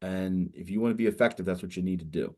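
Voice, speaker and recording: A middle-aged man speaking as a state senator addresses students in a deep, mellow voice, talking fast. He rambles conversationally, saying "you know" again and again.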